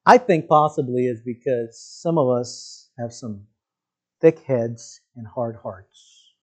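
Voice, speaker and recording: A man's voice: mid-range voice, slow pace, husky. A male pastor preaching a sermon in a conversational way, often putting questions to his congregation.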